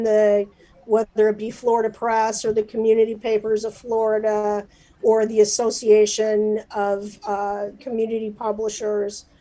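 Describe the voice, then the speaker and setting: A woman's voice: on the high side, mellow, poor audio. Emotional, chatty woman newspaper publisher. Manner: chatty, emotional, lots of fillers. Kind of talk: livestreamed interview.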